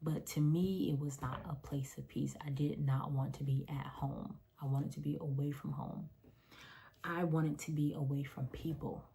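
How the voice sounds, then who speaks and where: A vlogger and mother of three tells her own story to her phone's front camera, earnestly and with emotion, circling back to key phrases to stress them. Her voice is low-pitched, husky and a little mellow.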